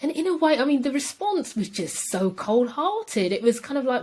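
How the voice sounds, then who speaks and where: A woman co-hosting a podcast in casual chat, animated and emphatic. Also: high-pitched, normal speed, hardly any pauses, slightly rough. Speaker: podcast co-host.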